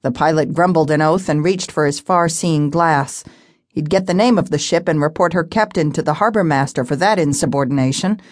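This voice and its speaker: Woman reading a fantasy audiobook, low voice, steady, super dry close mic. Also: brisk, dry recording. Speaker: audiobook narrator. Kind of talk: scripted narration.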